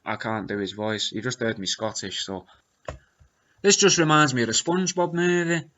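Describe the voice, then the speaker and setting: Wry, bright-voiced man reading comments. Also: medium pitch, normal speed, highs cut off. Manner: wry, self-deprecating, rambling asides. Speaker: video creator reading out comments.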